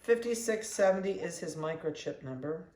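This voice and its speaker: A dog breeder chatting casually while weighing and collaring puppies, talking softly and coaxingly to them. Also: medium pitch, animated, moderate pace. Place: indoor kennel room. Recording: echoey room with faint background noise.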